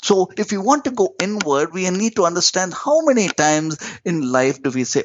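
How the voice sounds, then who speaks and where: A middle-aged man, a yogi and spiritual teacher, speaking as a podcast guest, swinging from rising emphatic questions to slow hushed phrases. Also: high voice, very animated, slight background noise. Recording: dry, dull lo-fi sound.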